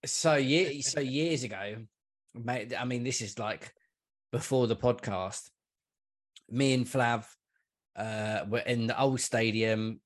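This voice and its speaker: A podcast guest talks football in a casual chat, swearing freely and calling the listener mate and man. His voice is mid-range and his pace slow.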